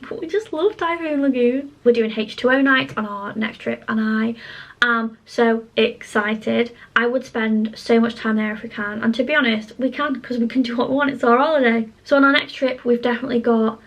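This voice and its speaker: A woman's voice: fairly high pitch, steady tone, moderate pace, a bit bright. A woman chatting casually to camera as a travel vlogger, bubbly and gushing, with plenty of filler "like"s.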